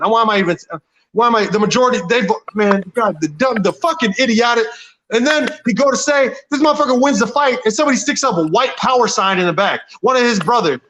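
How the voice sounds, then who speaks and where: Angry, high-pitched man ranting. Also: a bit bright, slight background noise, poor audio. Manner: angry, profane, rambling with many restarts. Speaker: boxer. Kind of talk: heated rant.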